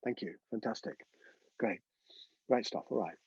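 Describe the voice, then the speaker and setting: A man's voice: on the low side, moderate pace, darkish tone, breathy edge, no echo, lo-fi sound. A man teaching a live online breathwork class, chatty and coaching, often checking in with his students.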